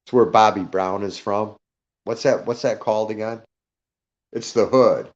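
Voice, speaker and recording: A man's voice: fairly low pitch, fairly even intonation, a little slow, dull audio. A man speaking as a guest on a live audio panel in casual chat, rambling, greeting listeners by name and checking he caused no offence.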